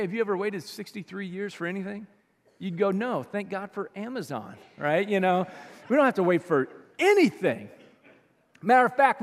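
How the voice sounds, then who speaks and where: A male pastor preaching a sermon in a church, talking in an animated, conversational way that swings between loud bursts and quiet asides. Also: high voice, big-room sound. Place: church sanctuary.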